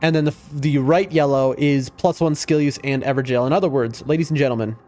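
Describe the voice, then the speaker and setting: A man live-streaming a video game, chatting excitedly with his viewers. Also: medium pitch, fairly quick, a little hiss or hum. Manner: excitable, chatty, talks to chat. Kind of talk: live gameplay stream chat.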